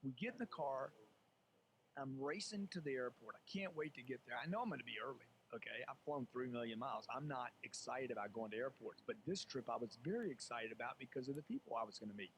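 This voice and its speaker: A man speaking as a guest in an interview. He is emphatic and animated, acts out quoted voices, and calls the listener "dude.". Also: mid-range voice, quick pace, a little hiss or hum, rough recording. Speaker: sales author and guest. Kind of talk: animated motivational interview talk.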